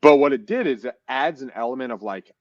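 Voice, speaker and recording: A man co-hosting a podcast in casual chat, telling stories in an animated way and acting out phone calls. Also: mid-range voice, quick pace, no room sound, muffled recording. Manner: animated, acts out phone calls, says "dude" and "like" a lot. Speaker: podcast co-host and real estate investor.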